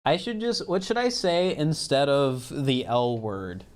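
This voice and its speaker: A man's voice: medium pitch, wildly swooping pitch, unhurried. A man streaming a game, chatting casually and joking about his own slips. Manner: chatty, self-mocking, laughs often. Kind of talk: casual gameplay commentary. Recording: faint music behind. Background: faint game music.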